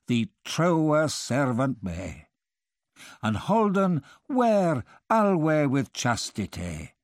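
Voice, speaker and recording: A man's voice: mid-range voice, no room sound, studio quality. A man voicing a young knight praying to the goddess of love, reciting archaic verse in a solemn, pleading way. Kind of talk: reading medieval verse aloud.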